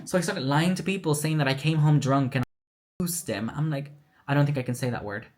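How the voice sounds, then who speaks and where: Speaking fast in a rumbling low, darkish voice, this woman shares a personal story on her vlog. She's candid and emotional, voicing the words of others as she goes.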